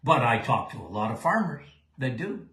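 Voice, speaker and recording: Emphatic older man, bright and roomy. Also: mid-range voice, very animated, moderate pace. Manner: folksy, emphatic, keeps asking "okay?". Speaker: doctor answering listener questions. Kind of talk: live Q&A show.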